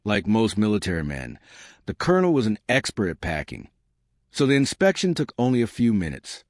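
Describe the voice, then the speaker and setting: A man narrating an audiobook in a measured reading style. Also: fairly low pitch, wildly swooping pitch, no echo, clean studio sound. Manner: measured reading, giving characters their own voices. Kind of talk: scripted narration.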